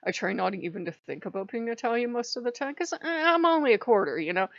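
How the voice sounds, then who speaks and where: A woman hosting her own channel, talking in a casual, profane and animated vlog monologue with frequent laughs. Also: on the high side, fast, no echo, highs cut off. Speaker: channel host.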